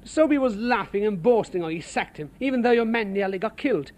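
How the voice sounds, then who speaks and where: Irish labourer, high voice for a guy, dry sardonic telling. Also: animated, a little mellow. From Ireland. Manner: measured, sardonic account of work conditions. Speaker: building site labourer. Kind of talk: storytelling testimony.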